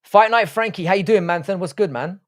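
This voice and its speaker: A man's voice: high voice, brisk. Profane Southwest London man hosting a stream. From England. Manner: profane, teasing banter. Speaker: live stream host. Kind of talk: casual live-stream chat reading comments.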